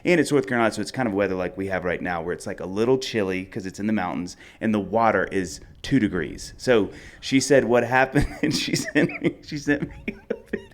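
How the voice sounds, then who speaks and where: A man's voice: on the low side, quick pace, few pauses. A man, co-hosting a live podcast and telling a rambling, self-mocking comic story. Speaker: podcast co-host. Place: outdoor festival stage.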